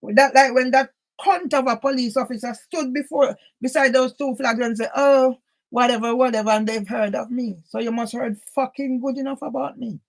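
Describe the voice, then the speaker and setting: A woman with a high voice rants to camera in an upset, agitated monologue. She swears constantly and keeps throwing out a challenging "yeah?". Her voice sounds emotional and near tears. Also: normal speed, vocal fry, few pauses, rough recording. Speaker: vlogger. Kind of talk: angry personal monologue to camera.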